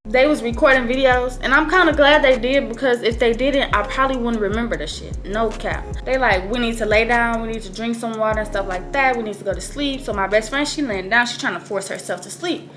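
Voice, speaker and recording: A woman with a high voice tells a personal story, storytime style, over clearly audible background music. Her talk is profane and slangy. She jumps up louder and higher to act out what people said. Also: brisk, hardly any pauses. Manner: profane, slangy, acts out quoted lines in a raised voice. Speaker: vlogger telling a story. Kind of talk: casual storytime.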